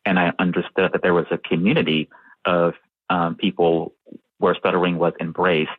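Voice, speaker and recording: A man who stutters, answering interview questions in a measured way with fillers and occasional repeated sounds. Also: deep voice, flat delivery, no room sound. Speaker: researcher and guest who stutters. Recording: tinny phone-like line.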